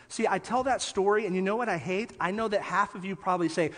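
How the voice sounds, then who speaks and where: A man preaching a sermon as pastor, telling lively stories and then dropping quiet for emphasis. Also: sits high, quick pace. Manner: animated storytelling, drops soft for emphasis. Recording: long hall reverb.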